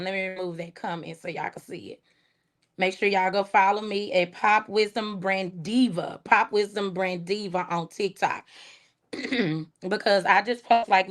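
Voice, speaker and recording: A middle-aged woman with a Texas accent, chatting casually on her livestream, relaxed and soft-spoken, laughing as she reads viewer comments aloud. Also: on the low side. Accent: Texan. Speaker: livestream host.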